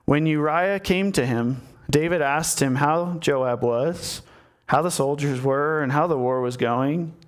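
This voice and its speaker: A preacher delivers his sermon like a conversation, telling stories straight to his listeners and acting out the characters. His voice runs on the high side, smooth and a little slow.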